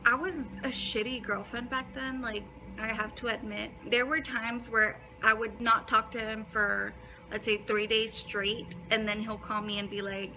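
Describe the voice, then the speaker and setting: A woman's voice: a little high, flat delivery, moderate pace, noisy background. A young woman telling a casual storytime in a blunt way, swearing a lot and filling her talk with "like". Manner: blunt, heavy swearing, many fillers. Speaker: vlogger.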